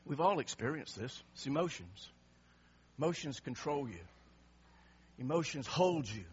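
A man's voice: mid-range voice, animated, a little slow, breathy edge, lo-fi sound. A male pastor preaching an impassioned sermon, emphatic and repeating words for effect.

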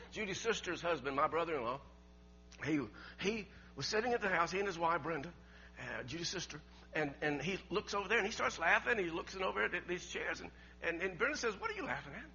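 Preacher guy telling stories, high bright voice, kinda dull recording w/ faint hum. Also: expressive, fairly quick. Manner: folksy, repeats words, laughs often, swings from loud to hushed. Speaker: pastor. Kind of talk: storytelling sermon.

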